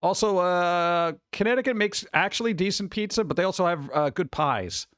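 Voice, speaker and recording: A man with a fairly high voice rambles through a casual stream, joking and launching into animated mock rants. He is heard close and dry on a desk mic, with no room sound. The delivery is loose and conversational. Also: moderate pace, dry recording. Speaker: streamer host. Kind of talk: casual chat reacting to viewer messages.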